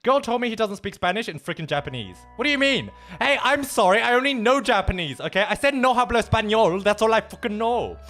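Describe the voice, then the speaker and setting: A man's voice: sits high, very animated, fast talker, hardly any pauses, bright, forceful tone, soft background music. A man chatting casually on a livestream, swearing freely and dropping in Japanese phrases.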